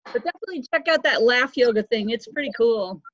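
A woman's voice: fairly high pitch, animated, quick pace, no echo. A woman hosting a casual group video chat, encouraging and thanking the others. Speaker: host. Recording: dry, muffled video-call audio.

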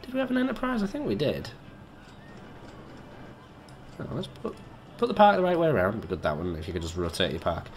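A man chats his way through a game, joking and swearing as he thinks aloud. His pitch bounces around a lot, and a faint hiss sits under the voice. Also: huge pitch swings, fast talker. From Britain. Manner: chatty, joking, swears, talks to himself. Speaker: gamer. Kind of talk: let's play commentary.

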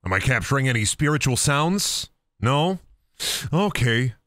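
A young gaming streamer plays a ghost-hunting game live, joking, swearing, and dropping into silly put-on voices as casual commentary. His mid-range voice swings widely in pitch at a measured pace, sounding a bit bright in clean, echo-free studio audio.

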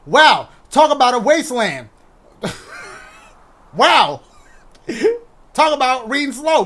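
A man giving loud, excitable commentary as he plays a horror video game, shouting reactions and cracking jokes. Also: very high voice, slow, pauses often, a little hiss or hum. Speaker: gaming YouTuber. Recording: music playing behind the voice.

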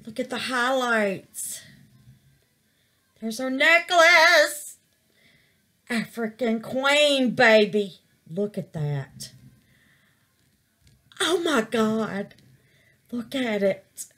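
A woman's voice: on the high side, animated, extremely slow, long pauses, fairly bright tone. A middle-aged woman, chatting through a resin craft project and calling her viewers babies. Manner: chatty, calls viewers babies, exclaims to the Lord. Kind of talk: casual crafting vlog.

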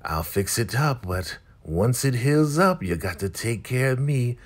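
A man's voice: medium pitch, sing-song, unhurried, pitched above the performer's own voice. A man voicing a scheming, lustful woman who is a cult elder, with a bossy, drawling delivery. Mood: sly.

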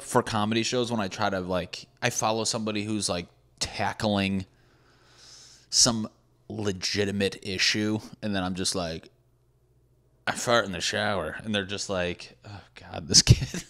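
Deep-voiced man ranting sarcastically on a podcast. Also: fairly bright tone. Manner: rambling, profane, sarcastic, quick asides. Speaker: podcast host. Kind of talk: casual comedic monologue. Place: apartment building with hammering neighbors.

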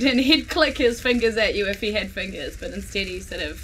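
A woman's voice: medium pitch, animated, a little fast, few pauses, fairly bright tone, breathy edge. A woman with a New Zealand accent playing a tabletop game, giggly as she narrates her moves. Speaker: player.

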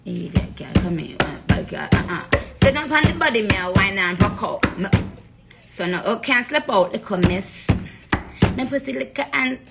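A woman's voice: medium pitch, animated, normal speed, creaky, over loud music. A woman putting on a brash Jamaican patois voice, rattling off rhymes in a bouncy, half-chanted sing-song during a livestream. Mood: brash, playful. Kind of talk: livestream patois lyric recital.

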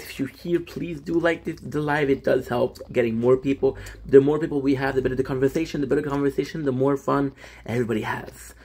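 A man's voice: mid-range voice, creaky, a little mellow, slightly rough. A young French Canadian man hosting a casual livestream, chatting and greeting viewers by name with frequent restarts. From Quebec, Canada. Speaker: livestream host.

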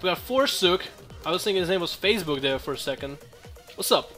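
High, bright-voiced young gamer man. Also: animated, a little fast, soft background music. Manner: joking, profane, rambling trash talk. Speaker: gameplay commentator. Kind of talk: casual gameplay commentary.

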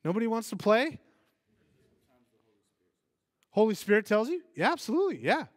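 A man giving a conversational sermon as pastor, animated and putting questions to his congregation, acting out quoted voices. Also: high-pitched, fast, no echo, studio quality.

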